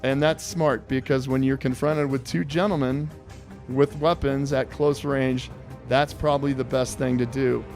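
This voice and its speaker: A man hosting a podcast interview, politely addressing his guest as sir while laying out a survival quiz with lively storytelling. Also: mid-range voice, measured pace, faint music behind. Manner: respectful, calls guest sir, animated storyteller. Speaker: podcast host.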